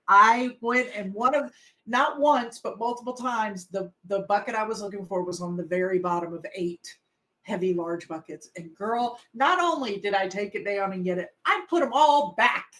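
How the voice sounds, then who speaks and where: A woman's voice: mid-range voice, lively intonation, normal speed, pushed and bright, low-quality recording. Chatty woman co-host, rambling. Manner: chatty, rambling with many fillers. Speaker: podcast co-host. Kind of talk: casual chat.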